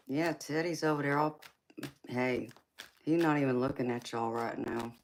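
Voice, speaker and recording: Very low, slow-talking playful woman. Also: a little hiss or hum. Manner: playful, teasing, calls viewers baby and sweetheart, laughs often. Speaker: tarot reader hosting a live stream. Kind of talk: casual live-stream chat with viewers.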